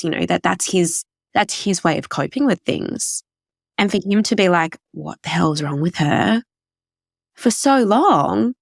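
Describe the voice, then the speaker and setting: A woman's voice: medium pitch, no echo, studio quality. A woman telling her personal story as a podcast guest, rambling and emotional with many fillers.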